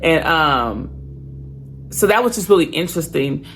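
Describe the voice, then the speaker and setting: A woman's voice: sits low, sing-song, unhurried, slight background noise. A woman in her forties, a podcast host, telling her own story in a candid, casual way with slangy asides.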